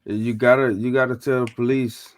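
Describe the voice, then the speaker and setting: A man's voice: mid-range voice, little pitch movement, moderate pace, a little hiss or hum. A man co-hosting a podcast, talking in slangy, emphatic casual chat with some swearing. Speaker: podcast co-host.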